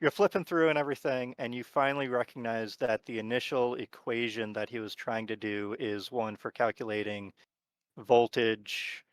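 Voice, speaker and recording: A man narrating as game master of a tabletop horror game, talking in a relaxed, rambling way with lots of fillers. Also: mid-range voice, moderate pace, smooth, dry recording.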